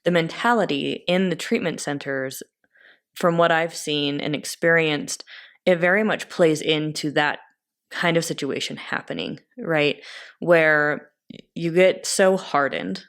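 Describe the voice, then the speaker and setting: A woman hosting an interview speaks in a measured, thoughtful way. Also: sits low, fairly bright tone. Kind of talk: conversational interview.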